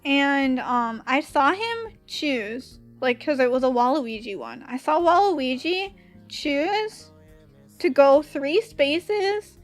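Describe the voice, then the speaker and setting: A woman's voice: high voice, lively intonation, takes it slowly, soft background music. A young woman with a Valley girl accent, chatting casually on stream while drawing, giggly and full of "like" fillers.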